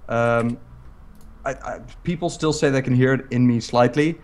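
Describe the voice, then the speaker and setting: Casting note: South African-accented man, mid-pitched, teasing co-host on a live stream. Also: normal speed, a little mellow. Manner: blunt and teasing. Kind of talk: casual chat on a livestream.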